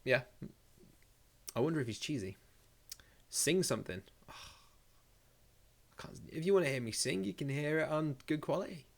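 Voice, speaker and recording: A man's voice: on the high side, expressive, normal speed, creaky, long pauses. A man hosting a casual live stream, reading out viewer comments and joking around in a rambling way, swearing freely.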